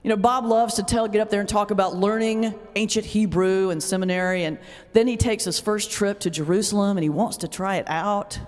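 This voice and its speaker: A woman pastor giving a humorous lecture, telling lively stories and laughing often as she speaks. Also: mid-range voice, a little fast. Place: lecture hall. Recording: long hall reverb.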